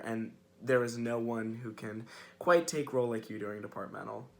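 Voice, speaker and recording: Young male first-year student, earnest read farewell, flat even intonation. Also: mid-range voice. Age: young adult. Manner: earnest, heartfelt.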